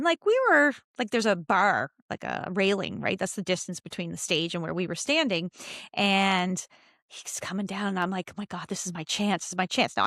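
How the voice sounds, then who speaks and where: A woman in her fifties hosting a podcast, telling personal stories in a casual, excitable way and laughing often. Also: medium pitch, no room sound, studio quality. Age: 50s. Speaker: podcast host.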